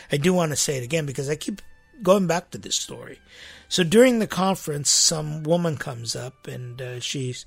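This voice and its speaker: A man's voice: on the high side, gravelly, husky. A man who is a church priest, giving a conversational sermon to his congregation, rambling and repeating himself with rhetorical "right?" asides.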